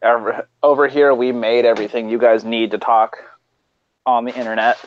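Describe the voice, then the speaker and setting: A medium-pitched voice with little pitch movement comes from a young California podcast co-host speaking at a moderate pace. The lo-fi voice call carries faint noise as he chats crudely and casually, rambling and stammering as he restarts sentences often.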